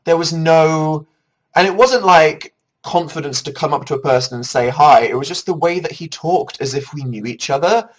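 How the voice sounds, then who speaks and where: This livestream host rambles through viewer comments, chatting casually and poking fun at himself. He speaks a little high at normal speed, captured on a rough recording.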